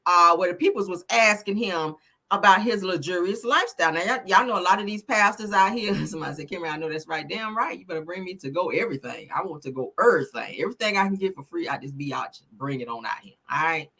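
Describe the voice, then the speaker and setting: A woman's voice: fairly low pitch, lively intonation, quick pace, sharp tone, husky. A woman hosting a casual live stream, a little tipsy, chatting and swearing freely and calling her viewers honey and child. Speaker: host of a live gossip stream.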